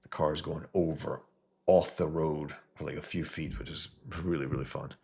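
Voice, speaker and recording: A man's voice: a bass voice, steady tone, normal speed, creaky, darkish tone, breathy edge. A man hosting a casual live stream, enthusiastically pointing out details of comic art and often repeating and restarting his words. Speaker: comics artist host.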